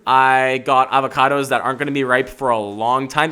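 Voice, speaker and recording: Speaking fairly quickly with hardly any pauses, a young adult man with a clean, mid-range voice hosts a podcast. He riffs through an animated, rambling comedic monologue, swearing freely and mocking himself.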